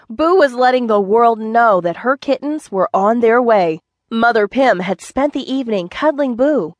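A woman narrating a children's book in a gentle, clear storytelling manner. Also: a little high, no room sound, studio quality. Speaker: audiobook narrator.

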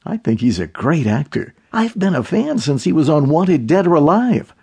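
An easygoing young man chatting casually, as a male narrator plays him. The voice sits a little high with a husky grain. It is an audiobook figure. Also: very animated, moderate pace, a little mellow, exaggerated voice. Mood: chatty.

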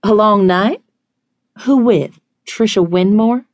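A woman voicing a flustered, jealous young woman who squeaks and stammers in a high voice. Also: expressive, moderate pace, a little mellow, husky, no echo. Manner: breathless, squeaky, high-pitched.

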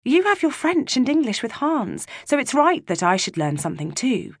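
A woman narrator plays a girl nearing womanhood who soothes her younger sister. The voice is lifted above her own and soft, patient and kind. Dry, close sound. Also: high-pitched, big pitch swings, normal speed, dry recording, pitched above the performer's own voice, exaggerated voice. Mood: soothing.

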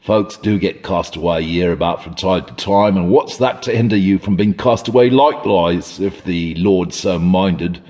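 A male audiobook narrator voicing a sulky, gruff old rustic man who growls his curt replies. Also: low-pitched, moderate pace, hardly any pauses, a little mellow, lightly acted. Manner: sulky, curt rural speech. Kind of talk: audiobook character voice.

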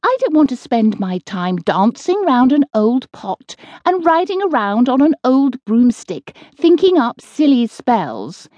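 A woman's voice: fairly high pitch, big pitch swings, a little slow, hardly any pauses, no echo, dull audio, pitched above the performer's own voice. Lady voicing a cheerful kindly witch, lilting and patient, close dry sound. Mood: resolute. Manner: gentle, patient and reasonable.

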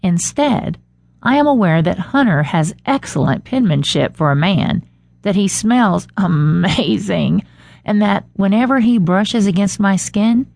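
A woman's voice: fairly low pitch, gravelly, darkish tone, no room sound. A woman narrating a first-person audiobook with an intimate inner-monologue manner, recorded close on a studio mic.

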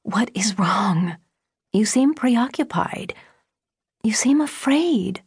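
A woman voicing a frantic mother who questions her teenage daughter in a low, urgent, pleading voice. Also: very animated, measured pace, a little mellow, husky, no room sound, studio quality. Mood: frantic whisper.

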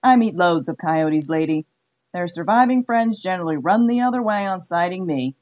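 A woman voicing a cocky, confident cowboy hired gun who speaks in a slow drawl. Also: fairly low pitch, expressive, a little mellow, muffled recording, natural voice.

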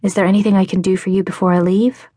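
A woman reading an audiobook voices a caring young woman who speaks softly and is gentle but firm. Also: mid-range voice, little pitch movement, quick pace, breathy edge, no room sound, clean studio sound, lightly acted. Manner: soft-spoken, caring.

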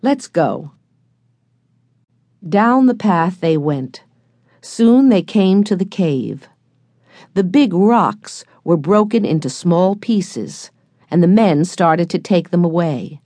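Woman narrator for a kids' audiobook, unhurried and low, dry studio sound. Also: animated, dry recording. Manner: measured, gentle storytelling.

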